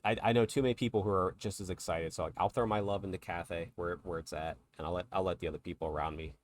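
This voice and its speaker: A man's voice: low-pitched, fairly even intonation, fast talker, slight background noise. A man co-hosting a podcast, talking casually and chattily about tabletop miniatures and laughing along with his co-host. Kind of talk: casual chat.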